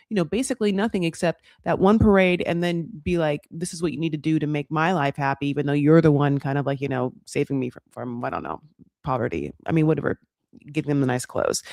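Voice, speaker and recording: A woman's voice: sits low, vocal fry, darkish tone, dry recording, studio quality. A woman hosting a comedic reality TV recap, chatty and sarcastic, who calls the viewer honey and acts out quotes between laughs. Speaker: host.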